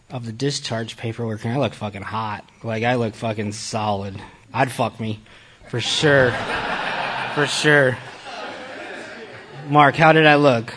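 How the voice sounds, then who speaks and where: A man's voice: mid-range voice, fairly bright tone, a little hiss or hum. A man giving a candid personal testimony to a group, blunt, profane and self-mocking. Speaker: recovery speaker addressing a group.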